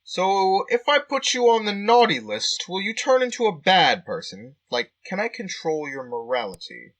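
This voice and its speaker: A man reads out a curious young man playing Santa who asks probing questions. The voice is fairly high and bright, with lively swings in pitch. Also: moderate pace, exaggerated voice, rough recording.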